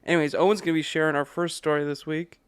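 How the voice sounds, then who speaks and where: A young man hosting a casual podcast, playful and quick to laugh. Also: on the high side, flat delivery, smooth, no echo. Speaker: podcast host.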